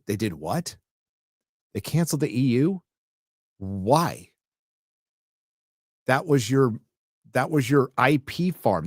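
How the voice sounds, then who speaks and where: A man with a fairly high, slightly mellow voice hosts a casual live stream, reading viewer comments and ranting with lots of swearing and sarcastic asides. The sound is clean studio quality with no echo.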